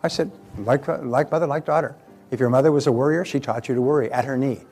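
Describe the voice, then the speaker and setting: A man's voice: mid-range voice, fast, a little mellow, soft background music. Man giving an anecdotal seminar talk. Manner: anecdotal, acts out quoted exchanges. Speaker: motivational speaker.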